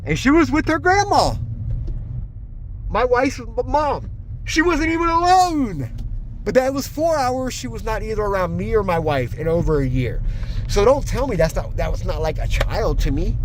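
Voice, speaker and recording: A middle-aged man talking to camera in a raw, rambling, heartfelt monologue, his voice sinking low and quiet as he grieves. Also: background noise. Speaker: vlogger.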